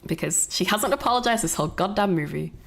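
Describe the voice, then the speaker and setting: A woman's voice: mid-range voice, expressive, fast, vocal fry, a bit bright. A woman streamer casually talking over a film, rambling, swearing and laughing as she goes. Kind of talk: casual reaction commentary.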